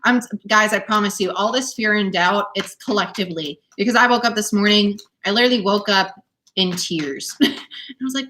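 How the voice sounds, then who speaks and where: A young adult woman giving a live-stream tarot reading from home, animated and encouraging, often laughing as she talks. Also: medium pitch, fairly quick, slight background noise. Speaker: tarot reader. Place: home, dog nearby.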